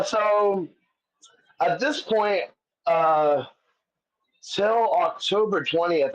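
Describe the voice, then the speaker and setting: A man, a comedian guest, telling stories in casual chat, swearing often and rambling with many fillers. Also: a little high. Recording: dull lo-fi audio.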